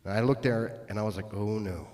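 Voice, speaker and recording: A middle-aged man doing stand-up, telling self-deprecating stories that swing between loud bursts and muttered asides. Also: fairly low pitch, fairly even intonation, fast. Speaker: stand-up comedian. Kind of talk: stand-up comedy storytelling. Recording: roomy echo.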